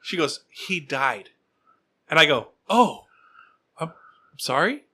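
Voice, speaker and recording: A young man hosting a podcast, telling an animated story in casual chat and acting out other people's lines. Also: a little high, slow. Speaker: podcast host.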